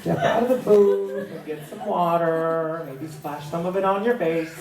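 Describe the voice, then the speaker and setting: Cooing, gentle woman director, higher and soft, as a man puts her on, echoey room, distant mic. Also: fairly even intonation, rapid-fire, lightly acted. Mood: soothing. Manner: soothing, cooing.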